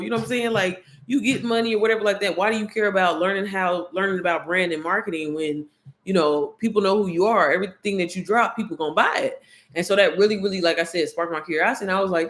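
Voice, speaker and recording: A woman's voice: medium pitch, quick pace, a bit bright. A woman YouTuber telling a story to her viewers, candid and slangy, swearing freely and calling them y'all.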